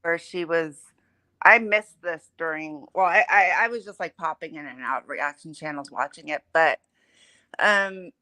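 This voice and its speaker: A woman joining a livestream as a guest, talking in a casual, slightly hesitant way. Her voice is bright and sits on the low side for a woman. The sound is dry, with no room echo. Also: moderate pace. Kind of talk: casual chat.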